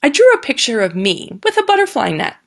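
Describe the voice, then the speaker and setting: A woman who teaches kindergarten, giving a patient recorded lesson and sounding out words slowly for young children. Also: fairly high pitch, huge pitch swings, vocal fry. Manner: slow, patient and sing-song, sounding out words.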